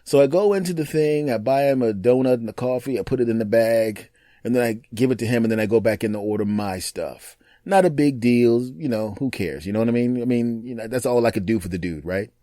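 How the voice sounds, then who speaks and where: A man hosting his own podcast, telling stories in a casual monologue and acting out other people's lines in quick put-on voices. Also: medium pitch, warm tone, no room sound, studio quality. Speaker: podcast host.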